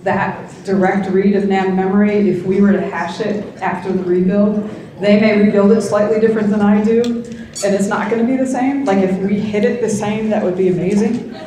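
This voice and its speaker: A woman's voice: medium pitch, fairly even intonation, a little fast, dark tone. Chatty woman speaker in an echoey hall. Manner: conversational, with frequent tag questions. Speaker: conference speaker. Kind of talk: conference talk. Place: conference room. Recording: very echoey conference room.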